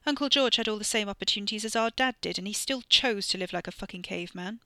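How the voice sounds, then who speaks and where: A woman's voice: medium pitch, fast talker, pushed and bright, dry recording. A woman voicing a weary, sarcastic young man. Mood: scornful. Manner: dry, sarcastic.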